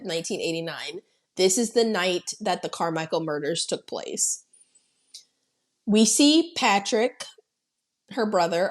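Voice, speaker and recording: A woman co-hosting a podcast, recapping a horror film in animated casual chat and swearing freely. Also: mid-range voice. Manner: animated storytelling, heavy swearing, acting out quotes. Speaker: podcast co-host.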